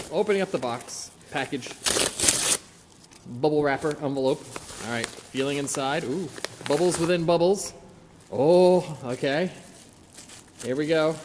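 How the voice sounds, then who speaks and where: A man's voice: fairly high pitch, long reverb tail, a little hiss or hum. A man hosting his own podcast, chatting casually and enthusiastically as he unboxes toys. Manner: chatty, enthusiastic, self-deprecating. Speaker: podcast host.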